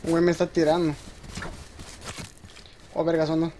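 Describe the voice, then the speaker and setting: A man with a Mexican accent giving casual gameplay commentary as a streamer, excitable and quick to protest, repeating himself. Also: fairly high pitch, a little hiss or hum. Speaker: gaming streamer.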